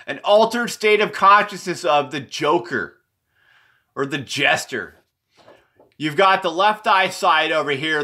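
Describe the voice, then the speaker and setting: A man rambles through an unscripted explanation of his drawings, meandering, repeating himself and correcting as he goes. His phrases often sink low and quiet at the ends.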